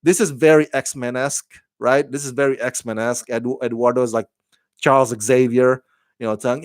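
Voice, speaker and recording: A man's voice: mid-range voice, fairly even intonation, fairly quick, no echo, studio quality. A man giving a casual, rambling review of a TV show, with lots of fillers and restarts.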